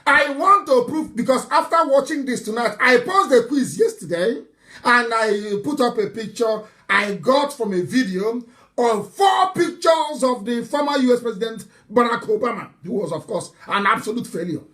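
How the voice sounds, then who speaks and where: A man giving a live political broadcast, mocking and animated, swinging between loud outbursts and low asides. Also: normal speed. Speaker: broadcaster addressing followers.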